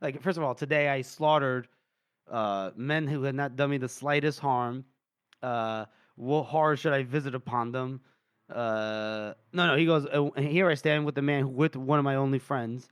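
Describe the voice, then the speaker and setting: A man's voice: mid-range voice, moderate pace, clear, resonant tone, dry recording, studio quality. A man co-hosting a casual book podcast, acting out characters' lines with lots of laughter. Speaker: podcast co-host. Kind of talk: casual book-discussion chat.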